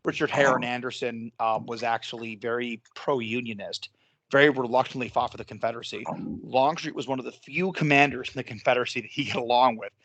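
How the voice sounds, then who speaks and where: A man's voice: mid-range voice, fairly quick, a bit bright, no echo. A man co-hosting a casual history podcast, enthusiastic, laughing often and swearing now and then. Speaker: podcast co-host.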